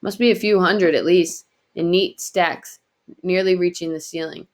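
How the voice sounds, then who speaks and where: A woman reading a novel aloud in quiet, earnest first-person narration. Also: lowish voice, fairly even intonation, moderate pace. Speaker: audiobook reader.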